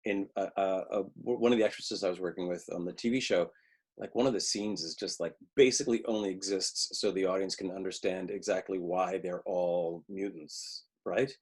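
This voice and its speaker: A man's voice: deep voice, fairly even intonation, moderate pace, a little mellow, slightly rough. A man teaching acting in a webinar, talking conversationally with frequent restarts and briefly acting out lines he quotes. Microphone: video call.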